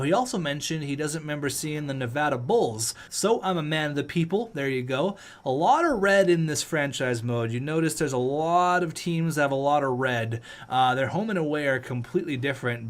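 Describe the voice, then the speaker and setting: Upbeat young man commentating a game. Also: a little high. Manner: upbeat, joking, talks to viewers. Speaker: gaming channel host. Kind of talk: casual video game commentary.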